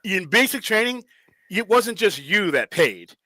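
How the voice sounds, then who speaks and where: Man, casual storytelling, animated, profane, bright forceful voice, dry sound. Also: high voice, measured pace, dry recording, rough recording. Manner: animated, profane, acts out quoted drill sergeants. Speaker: podcast host.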